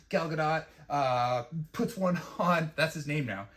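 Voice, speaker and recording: A man's voice: a little high, normal speed, hardly any pauses. A man casually reviewing a fantasy TV episode, rambling and profane, with lots of fillers. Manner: rambling and profane, with mocking quoted impressions.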